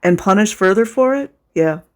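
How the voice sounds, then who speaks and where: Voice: medium pitch, expressive, moderate pace, very noisy. Sarcastic, indignant video commentator. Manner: emotional, close to tears. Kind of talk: casual commentary over footage.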